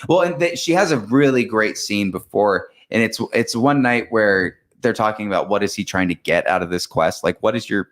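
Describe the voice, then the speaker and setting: A man's voice: on the low side, moderate pace, hardly any pauses. A man co-hosting a podcast, giving a casual movie review with lots of laughter and jokes. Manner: laughing, jokey, animated retelling. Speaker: podcast co-host.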